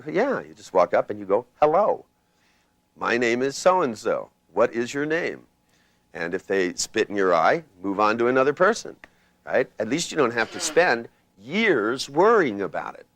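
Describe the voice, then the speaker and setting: An older man teaching a seminar in a rambling, anecdotal way. His voice jumps around with very lively pitch, and he slips into quick impressions of the people he describes. The sound is dry, with no room echo. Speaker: seminar trainer.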